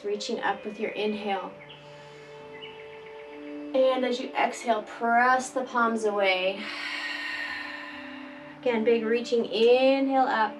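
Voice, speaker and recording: A woman leading a chair yoga class, giving calm, gentle step-by-step cues for breathing and stretching. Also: fairly high pitch. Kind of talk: guided exercise instruction. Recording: voice from a distance, faint background music.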